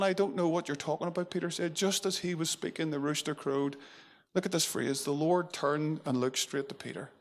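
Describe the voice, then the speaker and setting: A man preaching a sermon in a conversational way, full of fillers and restarts. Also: on the high side. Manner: conversational, with many fillers and restarts, acting out quotes.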